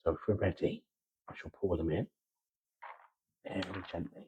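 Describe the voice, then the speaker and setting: A man with a Gloucestershire accent chatting softly in a slow, halting ASMR style, with many pauses and drifts into whispering, close to the microphone. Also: sits low, dull audio, noisy background. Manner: soft-spoken, slipping into whispers. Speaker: ASMR creator. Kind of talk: soft-spoken ASMR chat.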